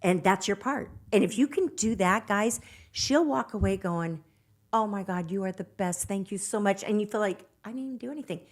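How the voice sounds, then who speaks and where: A woman's voice: medium pitch, moderate pace. Earnest woman coaching on relationships. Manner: earnest, emphatic, acts out quoted lines in dialogue. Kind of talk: podcast conversation giving advice.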